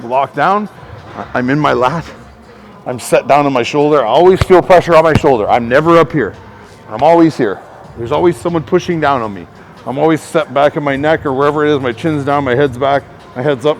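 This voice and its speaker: There's slight background noise as a man with a somewhat high voice delivers rambling, casual coaching to the camera. He works as a personal trainer, swears freely, and fills gaps with "like."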